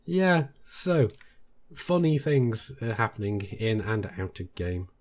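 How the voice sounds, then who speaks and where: A British man, a gaming YouTuber, telling a story to his viewers in a casual, animated way. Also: slow pace. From Britain. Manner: animated, jumps much higher when quoting others.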